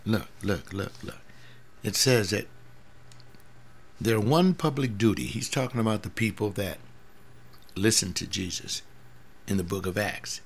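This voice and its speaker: A man's voice: lowish voice, lively intonation, unhurried, creaky, pauses often, slightly rough. A man in his seventies, a pastor, talking earnestly in a rambling personal monologue, often repeating words. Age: 70s.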